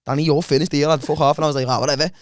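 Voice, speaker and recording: A man's voice: fairly high pitch, rapid-fire, dry recording, studio quality. A man co-hosting a podcast, telling swear-filled stories and acting out the voices in them. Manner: animated, swearing, acts out voices in anecdotes. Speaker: podcast co-host. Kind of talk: casual banter, storytelling.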